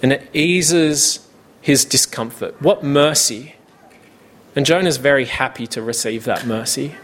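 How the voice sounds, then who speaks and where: A man delivering a sermon at an unhurried pace, his voice sitting at an ordinary pitch. He preaches in a measured way and slips into relaxed, conversational asides. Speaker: pastor.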